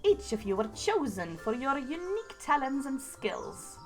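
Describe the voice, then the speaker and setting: Woman voicing a regal game queen, rolled R's, slow stately delivery, lively pitch, higher voice. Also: faint music behind. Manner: slow, stately reading of a royal letter. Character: regal imperial queen with rolling R.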